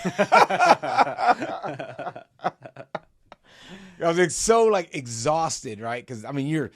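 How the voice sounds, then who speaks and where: Gravelly, animated man telling a story. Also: fairly high pitch, very slow, pauses often, no echo, studio quality. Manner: emotional, animated, swears freely, acts out his own reactions. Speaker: company CEO recounting an ocean row. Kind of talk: casual interview storytelling.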